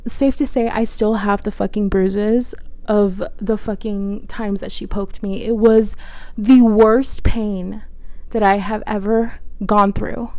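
A woman telling a storytime to her viewers in a warm, relaxed voice. Her talk is loose and chatty, full of "like" and casual swearing, and she keeps turning to the audience directly. The sound is dry and close, with no room around it. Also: a little high, no echo. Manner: chatty, heavy filler "like", frequent swearing, addresses viewers directly. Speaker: vlogger telling a personal story.

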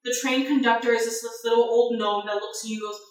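A woman's voice: a little high, fairly even intonation, fast. A woman running a tabletop game, narrating in a casual way with lots of fillers. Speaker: game master. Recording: echoey room, far from mic.

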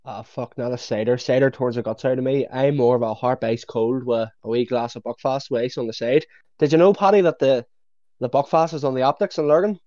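A man's voice: mid-range voice, fairly even intonation, fairly quick, dark tone, dry recording. A man from Northern Ireland with a Northern Irish accent, co-hosting a casual podcast with cheeky banter. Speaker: podcast co-host. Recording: dull lo-fi audio.

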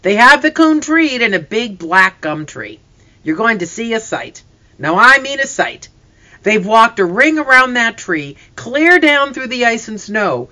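A reader doing an excitable hunter man. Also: extremely high pitch, a little slow, pitched above the performer's own voice, heavily acted. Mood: eager. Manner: breathless, pleading. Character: shaken adult male hunter, excitable. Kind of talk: storybook reading.

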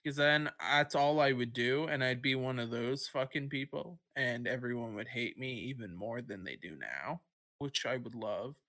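Bright-voiced swearing young man. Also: mid-range voice, moderate pace. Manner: rambling, swears a lot, breaks into goofy voices. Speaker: podcast co-host. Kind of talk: casual profane chat.

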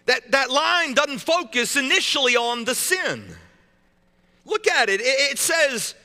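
A pastor preaches a sermon in a casual, joking style, often stumbling and restarting again and again. His voice is extremely high-pitched and sharp with lively intonation, delivered at a measured pace in a big-room sound.

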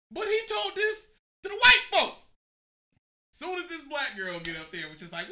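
A man hosting a casual chat who rants in an animated, profane way and laughs often. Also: extremely high pitch, moderate pace. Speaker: podcast host.

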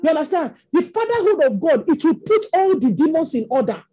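Nigerian woman preacher, high mellow voice, animated storytelling sermon. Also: a little fast. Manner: storytelling, rising to impassioned exclamations.

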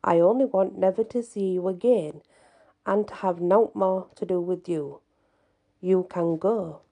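A woman's voice: lowish voice, measured pace, warm tone. A woman voicing an angry young farm lad in a storybook reading, scolding in an indignant way.

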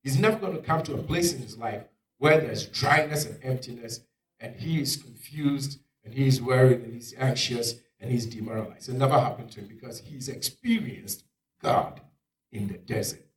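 A male preacher giving a dramatic sermon, swinging from loud exclamations down to near-whispers. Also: medium pitch, normal speed. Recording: echoey room, picked up from far off.

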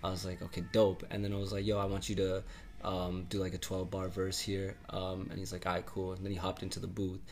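A man from Canada, a music artist, telling a studio story in a relaxed way, with lots of fillers and casual swearing. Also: deep voice, a little fast. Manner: laid-back, lots of filler words and laughs, casual swearing. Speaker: interview guest, music artist.

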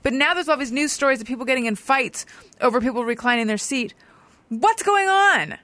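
A woman's voice: a little high, fast talker, fairly bright tone, no room sound. A woman hosting a podcast, chatting casually and reading out listener submissions. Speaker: podcast host.

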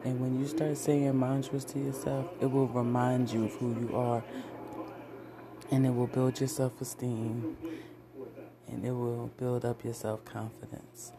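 Gravelly, flat-voiced man reciting affirmations. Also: medium pitch. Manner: slow, deliberate, repetitive declarations. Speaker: vlogger. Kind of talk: reciting affirmations, motivational talk. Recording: loud crowd noise behind the voice.

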